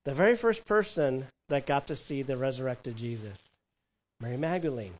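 A man preaching a sermon as pastor, animated, moving between hushed and loud passages and asking the congregation questions. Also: medium pitch, moderate pace, rough recording.

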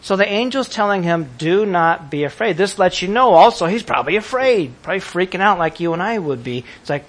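A man preaching a sermon to a congregation, lively and laughing as he acts out how people would react. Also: high voice, a little fast, few pauses. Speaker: pastor.

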